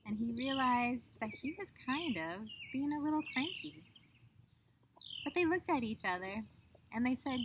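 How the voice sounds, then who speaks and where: A woman telling a children's story outdoors in an expressive, drawn-out storybook manner. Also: high-pitched. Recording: outdoor noise with birdsong.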